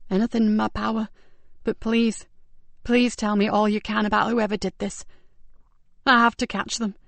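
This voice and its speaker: A woman's voice: mid-range voice, level tone, normal speed, vocal fry, fairly bright tone, no room sound. A woman voicing a determined female detective who speaks urgently and pleads to be heard.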